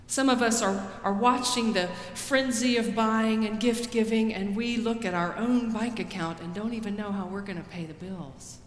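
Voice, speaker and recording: A woman pastor preaching a sermon in a slow, deliberate way, rising for quoted pleas and dropping soft after them. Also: mid-range voice, steady tone, a little hiss or hum. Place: church sanctuary. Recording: roomy church with long reverb.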